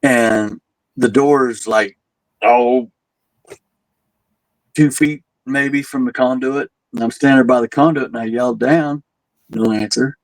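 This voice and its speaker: A man's voice: medium pitch, takes it slowly, long pauses, dry recording, low-quality recording. Easygoing guy telling a spooky work story, acts out the quotes, dry close sound. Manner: laid-back, animated when quoting people, chuckles at his own jokes. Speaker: haunted asylum tour guide. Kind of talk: casual storytelling.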